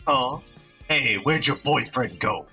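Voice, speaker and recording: A man reading a visual novel aloud, voicing a whiny, excitable middle-aged man who pleads on the edge of tears. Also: slow pace, soft background music. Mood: cheery. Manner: high-pitched, pleading, near tears.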